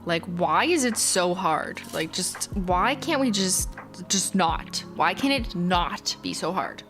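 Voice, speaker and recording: A Canadian woman in her thirties with a fairly low voice chats through a livestream, talking loosely with lots of "like" and soft laughs. Her slight Canadian accent comes through. Faint music plays behind her. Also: animated, slow pace. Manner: chatty, laid-back, filler-heavy with frequent "like" and laughs. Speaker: livestream host. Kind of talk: casual livestream chat, reading and answering chat.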